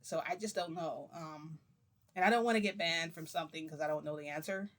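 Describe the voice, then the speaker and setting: A woman's voice: low-pitched, brisk. Chatty young woman telling a story. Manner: rambling, chatty, full of "like" fillers. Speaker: vlogger. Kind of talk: casual storytelling to viewers.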